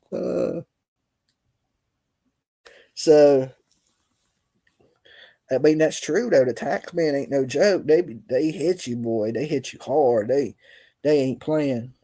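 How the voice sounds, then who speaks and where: Tired, mellow-voiced live-stream host. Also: male voice, a little high, slow, long pauses. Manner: loose, colloquial, laughing storyteller. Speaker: livestream host. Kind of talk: casual live-stream chat.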